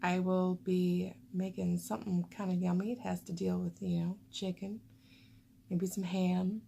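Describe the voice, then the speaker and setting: A woman's voice: on the low side, level tone, unhurried, vocal fry, warm tone, slight background noise. A woman vlogger rambling casually to camera in a chatty way, full of fillers.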